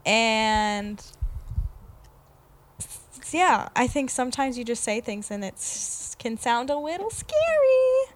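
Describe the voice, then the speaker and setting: A woman's voice: on the high side, very animated, slow pace, long pauses. A woman in casual podcast chat, a guest who is the host's partner, hesitant and teasing, laughing often.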